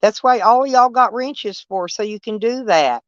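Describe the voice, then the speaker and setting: A woman's voice: on the high side, measured pace, no room sound. An older woman with a drawl rambles through a casual live chat, folksy and blunt, swearing freely. She speaks from her camper over dull, lo-fi stream audio with a close, dry sound.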